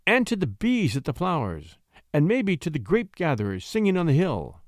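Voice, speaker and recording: Man playing an earnest young shepherd poet, ardent and respectful, lively high voice, dry close sound. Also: normal speed, no echo.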